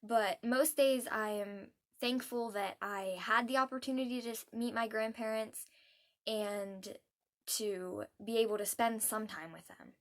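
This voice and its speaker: A young adult woman vlogging heartfelt advice, earnest and soft-spoken, pausing often with hesitant ums. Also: fairly high pitch, fairly even intonation.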